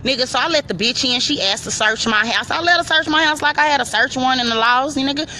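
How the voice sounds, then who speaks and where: A woman telling a personal story in a profane, animated way, talking straight to the listener. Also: high-pitched, fast, slight background noise.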